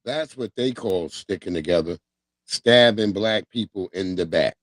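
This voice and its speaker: A man's voice: low-pitched, measured pace, fairly bright tone, dry recording. Slangy man hosting a livestream, dry sound. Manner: loose, slangy, offhand. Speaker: livestream host. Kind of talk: casual livestream chat.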